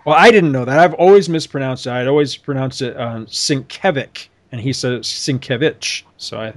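A man's voice: medium pitch, fast. A man co-hosting a podcast in casual chat, rambling through stories with lots of fillers and asides. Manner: rambling, animated storytelling with many fillers. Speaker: podcast co-host.

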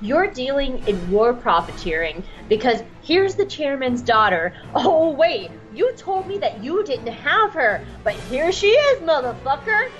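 A woman puts on a tough, sarcastic woman who taunts and threatens in a raised, mocking voice. Her pitch swings a lot as she needles her target. The audio is slightly dull. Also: big pitch swings, a little slow, few pauses, soft background music. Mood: taunting.

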